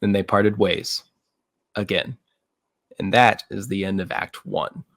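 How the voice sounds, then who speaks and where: A man's voice: on the low side, fairly even intonation, slow pace, fairly bright tone, no room sound, clean studio sound. A man hosting a fan read-through, narrating his own story and chatting playfully with friends. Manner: playful, laughs often. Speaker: host and story writer. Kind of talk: reading narration and casual chat.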